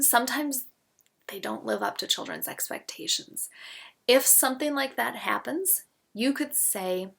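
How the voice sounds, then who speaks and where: A woman gently explaining parenting steps, modeling soothing phrases for children. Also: a little high, measured pace, gravelly, husky. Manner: gentle, explains step by step with spoken examples. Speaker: parenting educator. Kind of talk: instructional talk with example phrases.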